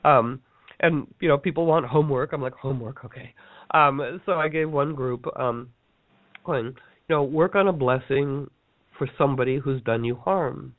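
A man teaching a workshop in a casual storytelling talk, animated and playful, acting out the people he quotes. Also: medium pitch, moderate pace, dry recording. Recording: dry tinny phone-like line.

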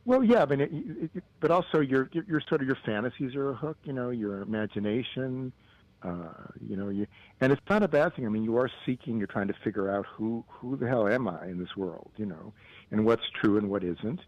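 A man's voice: mid-range voice, animated, fairly quick, no room sound, lo-fi sound. A male guest in a casual conversation, speaking thoughtfully and searching for his words with frequent restarts.

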